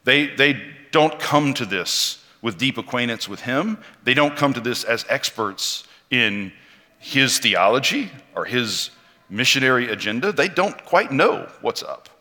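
A man preaching a sermon, telling a story in an animated way and acting out the quotes. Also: mid-range voice, unhurried. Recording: long hall reverb.

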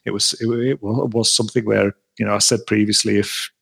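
A man's voice: on the low side, fairly even intonation, brisk, vocal fry, a bit bright, breathy edge. A man co-hosting a casual podcast, rambling with many restarts and fillers. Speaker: podcast co-host. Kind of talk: casual wrestling review chat.

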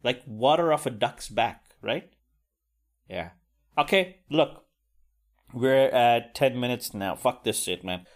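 A man's voice: medium pitch, animated, slow, long pauses. A man hosting a solo podcast, talking casually with frequent swearing and self-deprecating asides. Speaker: podcast host.

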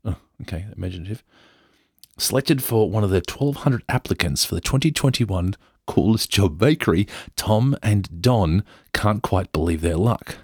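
A low-voiced Australian man hosts a podcast, reading an article with jokey, self-interrupting asides. His tone is slightly husky and swings up and down a lot. The room sound is very dry. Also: expressive, moderate pace, dry recording. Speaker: podcast host. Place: indoor room.

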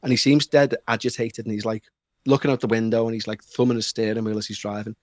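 A man with a Liverpool accent, a podcast guest telling a story in an animated, excitable way and mimicking the people in it. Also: fairly low pitch, fast, no echo, clean studio sound. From Liverpool, England. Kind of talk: casual storytelling.

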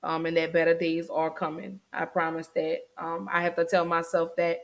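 A woman's voice: on the low side, monotone, moderate pace. A woman hosting a podcast, talking in an earnest, caring way with many fillers. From United States. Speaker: podcast host. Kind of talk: casual podcast chat.

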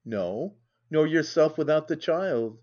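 A man's voice: a little high, animated, slow pace, a little mellow, highs cut off. A man reading the part of a dissolute husband who blusters, swears and mocks. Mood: insolent. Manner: blustering, mocking.

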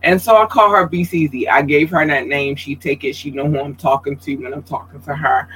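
Talking briskly on poor audio, a podcast host runs a casual livestream, addressing viewers directly and reading their comments aloud. He's chatty and expressive, his breathy voice jumping high whenever excitement hits.

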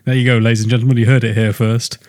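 A man co-hosting a casual podcast, joking around and getting animated when excited. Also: very fast, no echo, studio quality. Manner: jokey, animated, rising pitch when excited. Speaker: podcast host.

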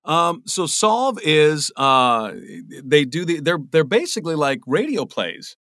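A man's voice: on the high side, big pitch swings, unhurried, bright, forceful tone, no room sound, clean studio sound. A middle-aged man, a voice actor being interviewed, talking casually and rambling with lots of restarts. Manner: rambling, many restarts and repeated words. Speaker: voice actor guest.

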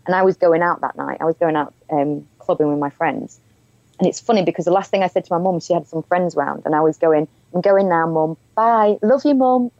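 A woman's voice: sits low, steady tone, quick pace, creaky, a little mellow, dry recording, lo-fi sound. A woman telling her own story as an interview guest, candid and frank, often breaking into laughter. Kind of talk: personal storytelling in conversation.

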